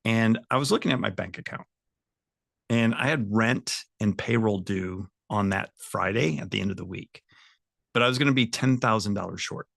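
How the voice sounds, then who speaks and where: A sales coach in his fifties with a gravelly, bright, forceful voice tells a personal story to his trainees. He chuckles a lot and speaks to the audience directly, and the sound is close and dry. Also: fairly low pitch, normal speed, dry recording.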